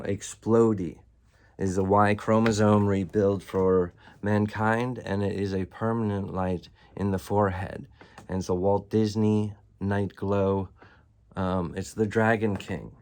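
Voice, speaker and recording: A man's voice: sits low, a little mellow. A man talking alone to his viewers in a loose, disjointed monologue, full of fillers and bursts of laughter. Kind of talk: rambling solo monologue to viewers.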